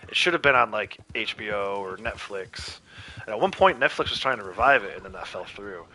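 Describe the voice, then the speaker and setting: Low-ish guy, bright punchy voice, rambling stream chat with lots of laughs. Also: lively intonation, brisk, slightly rough. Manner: rambling, laughs often, trails off quietly. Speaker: livestream host. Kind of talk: casual chat while gaming.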